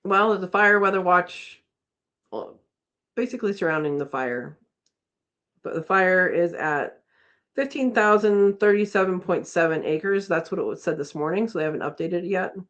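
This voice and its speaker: A woman's voice: fairly low pitch, moderate pace, a bit bright. Chatty woman hosting a home livestream. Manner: chatty, laughs often, reads viewer comments aloud. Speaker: host of a live chat. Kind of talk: casual livestream chat reading comments. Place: home, indoors.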